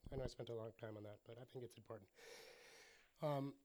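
A man's voice: medium pitch, steady tone, quick pace, darkish tone. A man preaching a sermon, telling the story with energy and acting out the voices of the people in it. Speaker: pastor.

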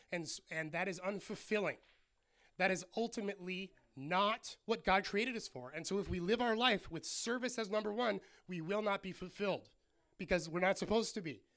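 Male pastor, high voice, lively storytelling sermon, acts out the characters.

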